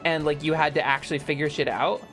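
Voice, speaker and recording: A young woman streaming a video game, chatting casually with her viewers, joking around and yelling playful bits. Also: low-pitched, fast, soft background music. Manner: animated, joking, shouts bits and laughs often.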